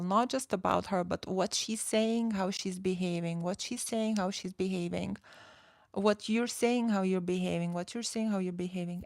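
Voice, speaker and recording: Female dating coach, forties, casual rambling delivery, slight fry, dry close sound. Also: medium pitch, a little mellow, no echo. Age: 40s. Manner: chatty, full of "like" and restarts, reads chat aloud. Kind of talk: casual livestream chat.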